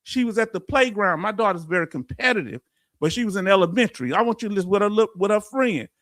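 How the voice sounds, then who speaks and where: A middle-aged man with a Southern US accent hosting a livestream, reading viewer comments in a folksy, preacher-like, animated way. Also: high-pitched, quick pace, no room sound, clean studio sound. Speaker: veterans benefits channel host.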